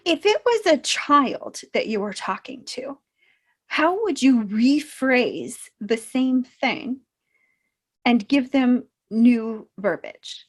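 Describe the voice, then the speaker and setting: A woman speaking as a self-help coach in an unscripted talk to camera, reflective and gently encouraging, with frequent pauses. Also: a little high, expressive.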